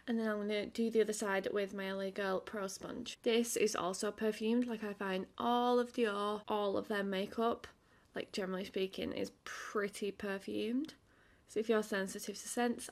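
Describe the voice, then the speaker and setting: A young woman vlogging a casual makeup review, chatty and full of fillers. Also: mid-range voice. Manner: chatty, filler-heavy with frequent "like"; quieter and tired while applying makeup. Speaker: beauty vlogger.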